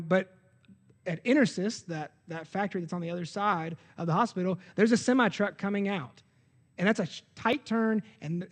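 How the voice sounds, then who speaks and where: Guy preaching in church, kinda high voice, echo trails off long. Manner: earnest, conversational preaching with anecdotes and self-corrections. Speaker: pastor. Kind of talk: sermon. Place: church sanctuary. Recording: long hall reverb of a church.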